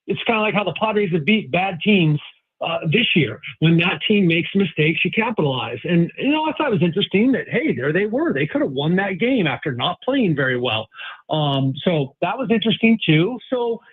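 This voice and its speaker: A man joins a sports show as a guest writer, rambling and restarting his thoughts as he goes. His voice sits a little high and comes through a thin, tinny phone line. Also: big pitch swings, a little fast, husky. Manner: rambling, hesitant, many restarts and fillers. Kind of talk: casual sports talk.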